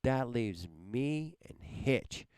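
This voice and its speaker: A man rants at his live stream audience, frustrated and swearing at every turn as he begs them to step up. He talks slowly and heavily, his voice clear and smooth. The sound is dry and close, with no room around it. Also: medium pitch, lively intonation, darkish tone, dry recording. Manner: profane, frustrated, pleading. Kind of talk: angry live stream rant.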